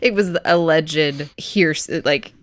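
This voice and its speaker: A woman's voice: low voice, takes it slowly, no room sound. A woman co-hosting a podcast in casual chat, thinking aloud and laughing often. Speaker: podcast co-host.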